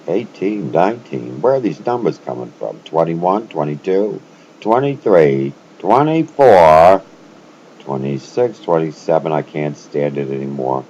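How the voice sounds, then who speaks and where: A man's voice: deep voice, animated, a little slow, darkish tone. A man telling a rambling, stammering monologue, repeating himself as he goes. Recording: muffled lo-fi with faint room noise.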